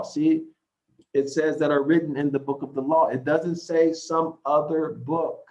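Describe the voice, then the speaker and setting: A man's voice: a little high, fairly even intonation, a little slow, a little mellow. A man teaching scripture who reads verses aloud, explains them, and keeps checking in with "okay?" and "right?". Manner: repeats points, asks "okay?" and "right?". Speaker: Bible teacher. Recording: slightly dull lo-fi audio.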